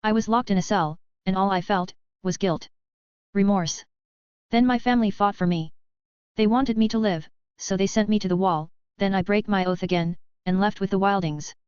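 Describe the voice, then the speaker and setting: Frau liest reuigen jungen Krieger. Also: female voice, mid-range voice, normal speed, a little mellow, clear, resonant tone, dry recording, highs cut off, natural voice. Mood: remorseful. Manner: pleading, remorseful. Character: remorseful guilt-ridden young man, a warrior.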